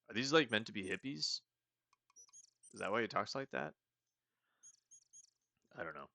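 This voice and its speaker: A man's voice: fairly low pitch, expressive, moderate pace, long pauses, sharp tone, no echo, clean studio sound. A man hosting a let's play, thinking aloud in casual commentary and reading the game's text as he goes. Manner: rambling, thinking aloud with restarts. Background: game music.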